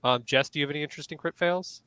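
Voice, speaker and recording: A man's voice: fairly high pitch, racing, bright, forceful tone, smooth, no room sound, rough recording. A man moderating a casual panel as a game master, explaining rules while thinking aloud.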